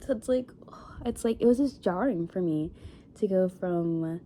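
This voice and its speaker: A woman's voice: fairly low pitch, measured pace, warm tone, slight background noise. A young woman in her twenties telling a dating story in a casual vlog, rambling with lots of fillers and sniffling after crying. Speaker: vlogger.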